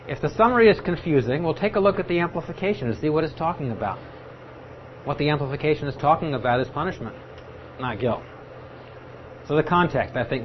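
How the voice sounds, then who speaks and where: Here a man with a mid-range voice teaches a Bible study, taking his time to explain and occasionally performing the voices of those he quotes. The audio is dull and lo-fi, carrying faint room ambience and a touch of hiss or hum.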